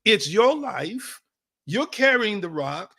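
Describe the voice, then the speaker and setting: A man's voice: high voice, sing-song, slow, creaky, pushed and bright. A man preaching a sermon in a conversational, emphatic way, repeating phrases and calling on his listeners directly. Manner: conversational, addresses audience as y'all.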